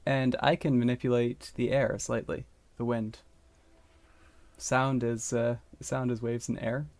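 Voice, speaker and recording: A man's voice: medium pitch, little pitch movement, unhurried, darkish tone. A man playing a tabletop game, asking the game master politely and tentatively. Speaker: player.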